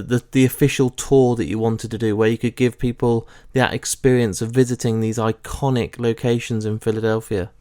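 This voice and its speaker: A man's voice: medium pitch, clear, resonant tone. A man hosting a podcast, asking questions in a conversational way. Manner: conversational, reacts with laughs. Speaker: podcast host. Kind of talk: interview questions.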